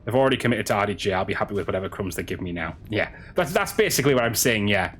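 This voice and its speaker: A man streaming a game, chatting casually with his audience in a halting way, with frequent restarts. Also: on the low side, lively intonation, fairly bright tone, husky. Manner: halting, chatty, many restarts, answering chat. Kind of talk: casual stream chat while gaming.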